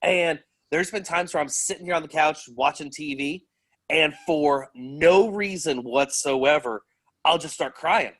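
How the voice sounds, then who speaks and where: Guy cohosting a podcast, kinda higher voice, laughs a lot, real open about stuff. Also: measured pace, a bit bright. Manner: candid, laughs often while talking. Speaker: co-host. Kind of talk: casual chat.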